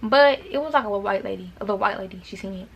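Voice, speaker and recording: A woman's voice: medium pitch, racing, gravelly, slight background noise. A young woman from Arkansas, telling a dramatic storytime to her viewers in casual chat, with repeated words and asides. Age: young adult. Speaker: vlogger.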